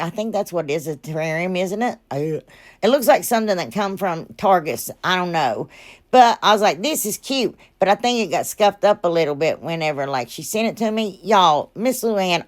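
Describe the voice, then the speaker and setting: A woman hosting a DIY craft vlog, rambling chattily as she works, addressing her viewers as "y'all" and laughing at her own mistakes. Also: on the low side. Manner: pleads with viewers to like and subscribe. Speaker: craft channel host.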